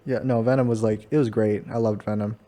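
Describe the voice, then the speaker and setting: A man's voice: lowish voice, steady tone, fast talker, mellow. A young man co-hosting a podcast, chatting casually and laughing often. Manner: laid-back, laughs a lot, playful. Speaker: podcast co-host. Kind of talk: casual chat.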